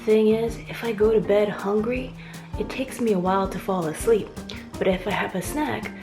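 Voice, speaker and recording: A woman's voice: medium pitch, fairly even intonation, normal speed, over music. A woman narrating her food vlog at home in a chatty, playful way. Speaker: food vlogger.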